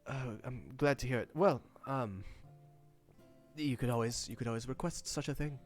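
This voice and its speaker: Man doing a polite town guard, dutiful, halting speech, faint music behind. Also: medium pitch, lightly acted. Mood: earnest. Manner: hesitant, full of fillers and restarts.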